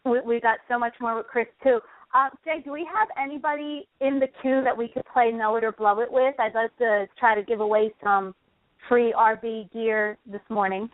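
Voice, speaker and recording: A woman's voice: on the high side, normal speed, no echo. Playful woman co-host, tinny dry sound. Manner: lively, laughing, playful. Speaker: radio show co-host. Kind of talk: casual radio talk show hosting.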